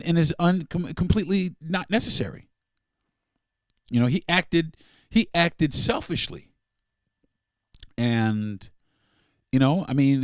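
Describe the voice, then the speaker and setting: A man's voice: a little high, no echo, clean studio sound. Heated, profane man ranting on a podcast. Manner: profane, heated, repetitive, mock-quoting others. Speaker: podcast host. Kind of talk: angry solo podcast rant.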